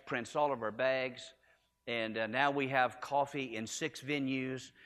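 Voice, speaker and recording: A man's voice: mid-range voice, a bit bright. A man preaches from a church pulpit, his voice in an ordinary middle register. He tells stories earnestly and hammers key phrases home through repetition. A long reverb trails his words through the hall. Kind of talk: storytelling sermon. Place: church sanctuary.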